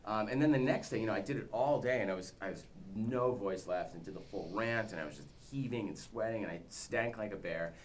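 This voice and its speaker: Man, 30s, junket interviewee, animated anecdote teller, lowish voice, light background noise. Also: brisk, few pauses. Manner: animated storytelling, imitates others for laughs. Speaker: actor and director at a press junket.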